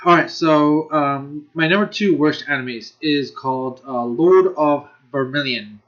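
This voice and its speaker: A man's voice: on the high side, unhurried, fairly bright tone, highs cut off. A man ranking anime in a casual video, rambling and restarting his sentences, laughing often and cursing freely. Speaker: anime reviewer.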